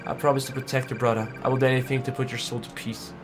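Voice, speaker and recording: A man voicing a guilt-ridden, remorseful companion who speaks softly and pleads, reading game dialogue aloud. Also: medium pitch, level tone, racing, background noise, lightly acted. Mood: grieving. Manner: soft, pleading, downcast.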